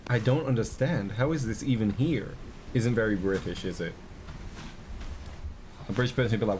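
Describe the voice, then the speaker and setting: A man's voice: lowish voice, moderate pace, pauses often, darkish tone, slight background noise. A man streaming a reaction to a video, chatting casually to his viewers with rambling, joking asides.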